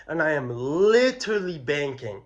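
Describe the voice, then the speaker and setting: A man's voice: on the high side, moderate pace, lo-fi sound. A young man telling a personal story in a casual, slangy, profane way. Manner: slangy, profane, animated retelling. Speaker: vlogger.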